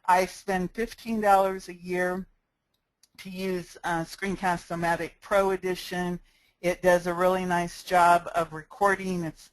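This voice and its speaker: Here a sales marketing instructor with a lowish female voice records a screencast tutorial into an inexpensive headset mic. Her delivery is friendly and practical, step by step, and you can hear her smiling. There's no echo, but the recording is rough.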